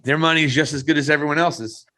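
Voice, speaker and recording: A man co-hosting a wrestling podcast in casual chat, teasing his partner and breaking into excited outbursts. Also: on the high side, fast.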